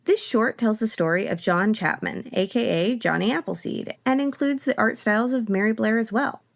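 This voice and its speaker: A woman's voice: on the high side, moderate pace, vocal fry. Wry woman podcast host. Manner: wry, sarcastic asides. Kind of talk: scripted podcast commentary.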